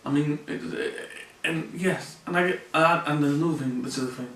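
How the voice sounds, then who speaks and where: Speaking fairly fast, the vlogger has a high-leaning, fairly bright voice as he shares a personal confessional from a room in his mother's home. The distant mic leaves the audio roomy and far away. He talks earnestly and simply, often repeating himself.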